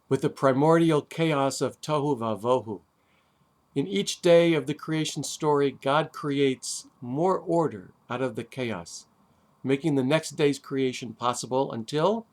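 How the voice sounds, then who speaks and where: A man, a rabbi, giving a sermon on the weekly Torah portion, deliberate with dramatic pauses and wry asides. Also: medium pitch. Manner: deliberate, with long dramatic pauses and emphatic stresses.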